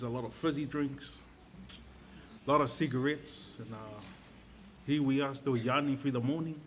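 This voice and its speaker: A man's voice: medium pitch, a little hiss or hum. A man speaking at a funeral as the best friend, hesitant and subdued, without notes. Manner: hesitant, subdued, full of fillers. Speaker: best friend giving a eulogy. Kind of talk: unscripted funeral speech.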